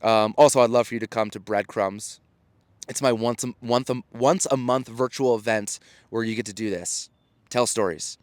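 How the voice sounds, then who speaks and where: A man's voice: mid-range voice, normal speed, no echo. A man in his thirties hosting his own show in a casual solo monologue, earnest and encouraging, often restarting his sentences. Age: 30s. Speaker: podcast host and storytelling coach.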